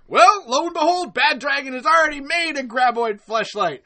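A man's voice: very high-pitched, big pitch swings, normal speed, bright, forceful tone. A man hosting a live podcast in casual chat, rambling and profane, laughing often. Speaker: podcast host.

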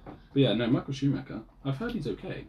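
A man's voice: mid-range voice, very animated, fast, a little mellow, a little hiss or hum. A man, co-hosting a podcast in a casual, jokey chat and laughing often. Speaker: podcast co-host.

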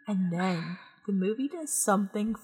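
A woman's voice: medium pitch, normal speed, breathy edge. A woman co-hosting a podcast, ranting about a movie in casual chat and swearing freely. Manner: animated, profane ranting. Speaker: podcast co-host.

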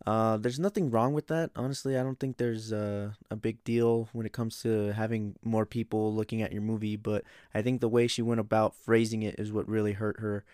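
A man's voice: fairly low pitch, steady tone, moderate pace, hardly any pauses, a little mellow, clear, resonant tone, dry recording, studio quality. A man hosting a casual pop-culture chat, rambling and swearing freely. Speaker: host.

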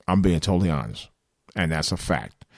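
A man's voice: sits low, expressive, fairly quick, no echo. A man in his fifties hosting a live late-night call-in show, talking earnestly and bluntly, repeating himself and swearing now and then. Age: 50s.

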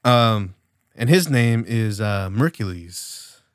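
A man's voice: on the low side, expressive, slow pace, smooth, no room sound, clean studio sound. A man in his late twenties co-hosting a podcast, rambling casually with lots of fillers and swearing. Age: late 20s. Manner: rambling, loose, profane, many fillers. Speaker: podcast co-host.

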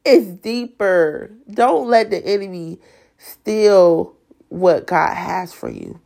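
Woman, gravelly hoarse-sounding voice, emotional devotional chat, halting restarts. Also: on the low side, big pitch swings, darkish tone. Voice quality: raspy voice from sinuses. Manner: emotional, earnest faith testimony with stutters and restarts. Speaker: Bible study leader. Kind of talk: casual devotional talk.

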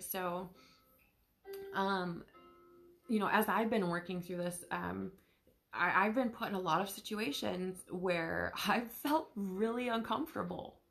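A woman hosting a podcast, talking candidly in a casual spiritual monologue, chatty, full of fillers and casual swearing. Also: on the low side. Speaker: podcast host.

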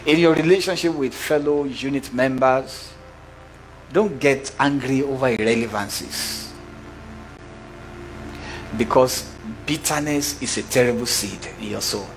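A man's voice: medium pitch, a little slow, pauses often, a little hiss or hum. A middle-aged man preaching a sermon, questioning his congregation and acting out little scenes. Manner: animated preacher, asks the congregation questions, acts out voices. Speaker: pastor.

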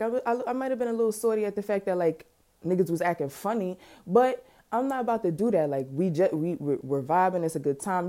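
Woman podcast host, warm, low-lit voice, animated and slangy storyteller. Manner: animated, profane, slangy and dramatic. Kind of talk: casual storytelling.

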